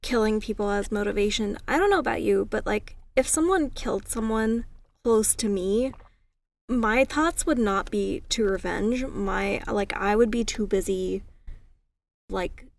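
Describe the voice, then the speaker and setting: Woman, casual chat, earnest, brief replies, vocal fry, distant from mic. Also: medium pitch, unhurried. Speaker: podcast co-host.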